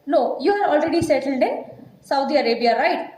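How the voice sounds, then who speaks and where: A woman's voice: high-pitched, expressive, fairly quick, darkish tone, a little hiss or hum. A woman English teacher with an Indian accent who reads out a textbook passage and then explains it in simple words, checking in with her class as she goes. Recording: echoey room.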